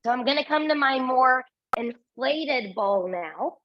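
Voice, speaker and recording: A woman's voice: sits high, expressive, a little slow, no room sound, highs cut off. A woman instructor guiding a Pilates class, counting reps and giving encouraging cues, a little out of breath. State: slightly out of breath.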